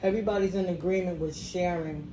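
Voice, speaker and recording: A woman's voice: lowish voice, steady tone, fast, mellow, echoey room, slight background noise. A woman co-hosting a podcast in casual chat, chatty, laughing along and keeping the story moving. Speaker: podcast co-host.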